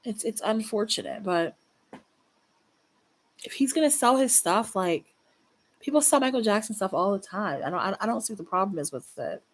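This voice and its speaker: A woman's voice: medium pitch, animated, normal speed, pauses often. A young woman chatting casually to her livestream viewers, blunt and swearing freely, often restarting her sentences. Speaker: livestream host.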